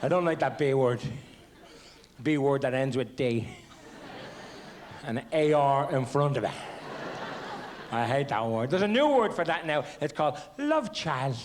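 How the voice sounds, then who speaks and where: A man's voice: medium pitch, very animated, unhurried, pauses often. A man telling comic childhood stories on stage, with a stammering, mock-innocent delivery. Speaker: stand-up comedian. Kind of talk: stand-up storytelling. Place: theatre stage. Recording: noisy old VHS tape.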